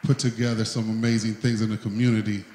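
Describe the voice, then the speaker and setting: A man's voice: fairly low pitch, flat delivery, fast talker, darkish tone. A man hosting an event gives an emotional tribute speech, talking in a heartfelt, plain-spoken way. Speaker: event host. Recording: echoey hall.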